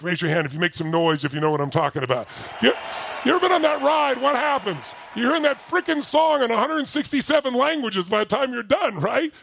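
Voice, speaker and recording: A middle-aged man giving an animated, emphatic motivational talk to a live audience, rising to near-shouting as he tells a story. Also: sits high, creaky, no room sound. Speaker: motivational speaker.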